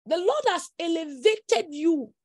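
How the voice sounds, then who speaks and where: A woman's voice: very high voice, animated, takes it slowly, darkish tone, no room sound, clean studio sound. A woman delivering prophecies in an emphatic, repetitive preaching style with dramatic exclamations. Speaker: prophetess leading prayer. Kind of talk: prophetic sermon over prayer call.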